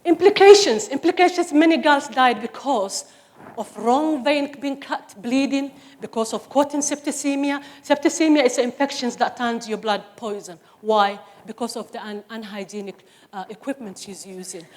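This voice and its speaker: A woman's voice: on the high side, moderate pace. A middle-aged woman from Somalia giving an impassioned, emphatic personal testimony on stage. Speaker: speaker. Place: stage before an audience.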